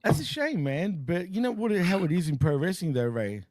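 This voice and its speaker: A man's voice: sits high, very animated, a little fast, darkish tone, no room sound. An Australian man co-hosting a casual video-call chat, laughing often and bantering easily. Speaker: co-host.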